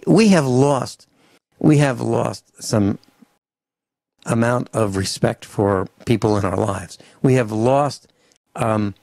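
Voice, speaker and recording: A male radio talk host with a gravelly, creaky voice launches into a grumbling, animated rant. He acts out short mock conversations between people. The studio mic sounds dry and close, with no room echo. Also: medium pitch. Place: home studio on a farm. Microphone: studio microphone.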